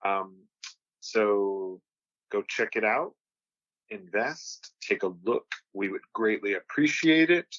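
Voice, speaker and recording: Low-voiced podcast co-host, lo-fi sound. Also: male voice, takes it slowly, a bit bright, no room sound. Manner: easygoing, promotional asides. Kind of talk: casual chat. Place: home studio on video.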